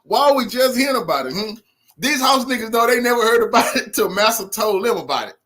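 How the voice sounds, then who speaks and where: A man's voice: extremely high pitch, lively intonation, quick pace, pushed and bright. A man hosting a commentary channel, reacting to news clips in a heated, mocking, profane way and laughing often.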